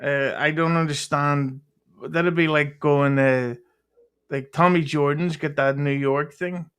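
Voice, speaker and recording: A man from Ireland chatting casually on a live stream, crude and quick-witted. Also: on the high side, fairly even intonation, fairly bright tone, clear, resonant tone. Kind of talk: casual chat.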